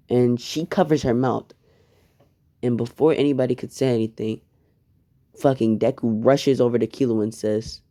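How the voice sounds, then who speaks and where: A man's voice: mid-range voice, steady tone, a little slow, warm tone. A man narrating a fan-made story in a casual, chatty way, swearing now and then.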